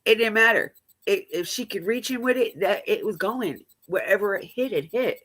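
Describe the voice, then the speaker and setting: A woman's voice: mid-range voice, animated, moderate pace, fairly bright tone, slight background noise. A woman hosting a live stream, telling blunt, profane stories in casual chat.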